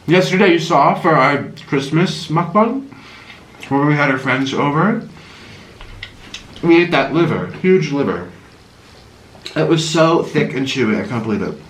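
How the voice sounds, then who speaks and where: A man vlogging as he eats, telling a story in an animated way and gasping and murmuring between bites. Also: a little high, measured pace, pauses often, reverberant. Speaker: mukbang vlogger. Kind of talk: storytelling while eating on camera.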